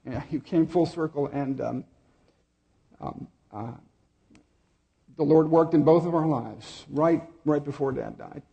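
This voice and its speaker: Middle-aged guy preaching, warm mellow voice, a bit high, tells stories and repeats himself. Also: vocal fry. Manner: storytelling, pausing and repeating words. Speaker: pastor. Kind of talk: sermon.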